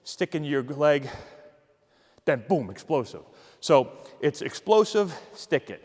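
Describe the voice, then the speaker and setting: A man coaching youth agility drills, giving energetic, encouraging cues while demonstrating. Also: medium pitch, a little slow, pauses often, breathy edge, in a large hall. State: out of breath. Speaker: baseball coach.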